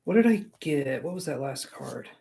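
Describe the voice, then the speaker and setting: A man's voice: medium pitch, lively intonation, moderate pace, gravelly, warm tone. A man giving live-stream tarot readings, chatty and rambling, making jokes at his own expense. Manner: rambling, self-mocking, chatty. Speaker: tarot reader.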